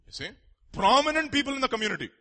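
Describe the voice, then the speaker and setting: A man's voice: extremely high pitch, big pitch swings, very fast, sharp tone. A man preaching a sermon, emphatic, full of rhetorical questions and joking asides to the congregation.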